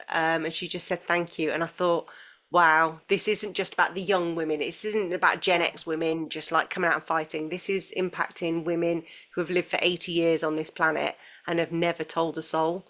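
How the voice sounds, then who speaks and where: Lower-voiced woman co-hosting a podcast. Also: level tone, moderate pace, fairly bright tone. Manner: earnest, frequent restarts and quoted asides. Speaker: podcast co-host. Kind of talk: casual conversational chat.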